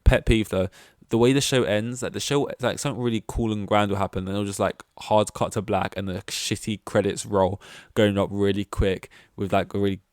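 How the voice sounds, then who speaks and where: A man's voice: lowish voice, steady tone, fairly quick, a little mellow, no room sound, clean studio sound. A young man hosting a casual solo podcast, rambling and chatty, with self-deprecating asides and lots of fillers. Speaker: podcast host.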